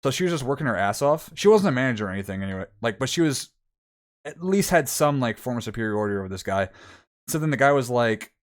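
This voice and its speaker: A man's voice: mid-range voice, lively intonation, fast. A young man streamer telling a long story in casual chat, rambling with many fillers and acting out what people said.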